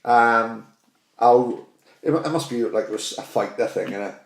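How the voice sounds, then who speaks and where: A man's voice: medium pitch, moderate pace, gravelly, echoey room. A man hosting a podcast in a casual, chatty way, swearing often and backing up his guest. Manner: swearing, chatty, many yeahs. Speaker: podcast host.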